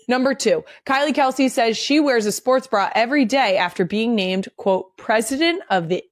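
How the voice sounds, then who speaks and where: A woman's voice: on the high side, lively intonation, normal speed, hardly any pauses, dry recording, studio quality. A woman, hosting a podcast in casual, candid chat and swearing for emphasis. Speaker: podcast host.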